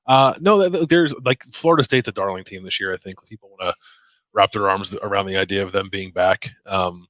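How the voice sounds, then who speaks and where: A man co-hosting a casual sports podcast, chatty and quick to laugh, with lots of fillers. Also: deep voice, fairly bright tone, no room sound. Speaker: podcast co-host.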